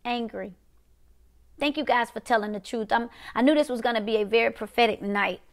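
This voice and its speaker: A woman's voice: fairly high pitch, brisk. A middle-aged woman preacher delivering a prophetic sermon, repeating short phrases in a rhythmic call-and-response cadence.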